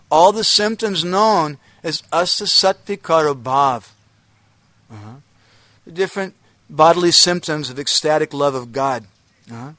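A man's voice: fairly high pitch, a bit bright, no echo. A man giving a devotional lecture, telling a story with frequent hesitations and self-affirming "uh-huh"s. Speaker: religious speaker.

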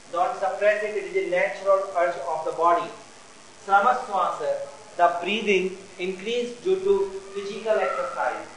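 Man, high voice, teaching a lesson; slow, repeats key terms; roomy echo, faint background hum. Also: a bit bright. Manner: explains slowly, repeats each term twice. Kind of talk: lecture. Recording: echoey room.

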